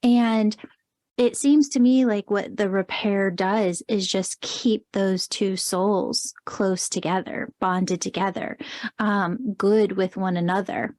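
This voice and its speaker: A woman's voice: medium pitch, fairly even intonation, takes it slowly, a little mellow, dry recording. A woman hosting a podcast interview, upbeat and enthusiastic in her questions. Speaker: podcast host.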